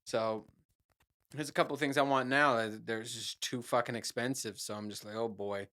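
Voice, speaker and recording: A man's voice: medium pitch, fairly even intonation, normal speed, pushed and bright. Rambling, profane middle-aged man. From New Jersey. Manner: rambling, profane, self-mocking. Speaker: podcast host. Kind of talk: casual solo rant.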